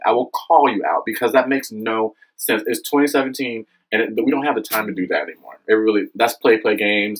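A young man vlogging an impassioned monologue to camera, earnest and preachy, often asking "okay?" and "you know what I mean?", his voice jumping higher when he gets fired up. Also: poor audio. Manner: animated, swings high when excited.

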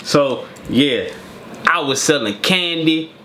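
A man's voice: on the high side, expressive, slow, sharp tone, slight background noise. A young man co-hosting a reaction video, telling stories in an easygoing, joking way. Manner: laid-back storytelling, chiming in with jokes. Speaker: co-host. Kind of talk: casual reaction chat.

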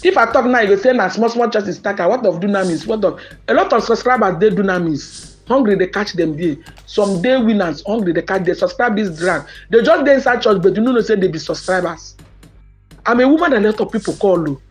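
A woman's voice: medium pitch, lively intonation, fairly quick, soft background music. A woman with a Nigerian accent speaking to subscribers in an impassioned monologue, emphatic and mixing Pidgin and English, with outraged questions.

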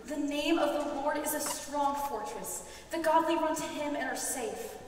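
Woman, high voice, earnest stage reader, distant, faint hiss. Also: normal speed. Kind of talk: dramatic stage reading. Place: large church hall stage. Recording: echoey hall from far off, faint noise.

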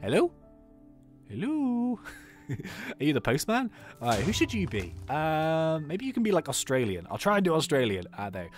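A man's voice: fairly high pitch, wildly swooping pitch, moderate pace, faint music behind. A man giving casual, playful game commentary, thinking aloud as he plays. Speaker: gaming YouTuber.

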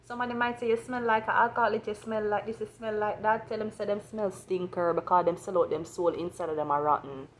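A woman's voice: medium pitch, fairly even intonation, fast, few pauses, slight background noise. A woman with a Jamaican accent giving an astrology reading as a blunt, profane rant. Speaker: astrology reader.

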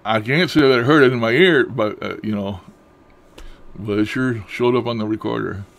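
His voice sits in the mid-range, creaky yet fairly bright, at a moderate pace. Chatting from home to camera, the paranormal vlogger describes odd happenings in a rambling, folksy manner, chuckling frequently and speaking with loose grammar.

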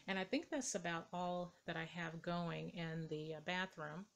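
A woman gives a hesitant, casual show-and-tell of her dollhouse rooms, with lots of ums and uhs, speaking at a measured pace in a fairly low, gravelly voice. She's indoors next to the dollhouse, filmed on a camera mic moved by hand.

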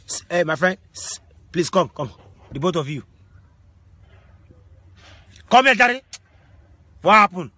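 A man, a Yoruba speaker, acting as a mock judge in a comic skit, scolding and shouting insults and commands. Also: sits high, animated, takes it slowly, pauses often, no room sound. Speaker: comedian playing a judge.

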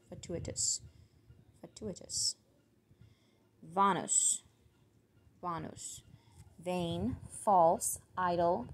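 Slow, gravelly woman muttering word lists. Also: lowish voice, a little hiss or hum. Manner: slow, muttered, thinking aloud over foreign words. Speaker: word channel host. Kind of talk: solo vocabulary reading.

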